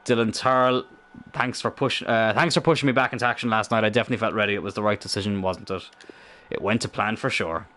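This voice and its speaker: A young man commentating his own football game in casual let's-play style, excitable and thinking aloud, swearing freely. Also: fairly low pitch, quick pace.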